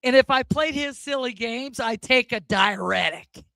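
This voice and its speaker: Woman, open mic comedian, self-deprecating, unhurried pace. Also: a little high, vocal fry, sharp tone, no echo. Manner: awkward, self-deprecating delivery. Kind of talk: stand-up comedy set.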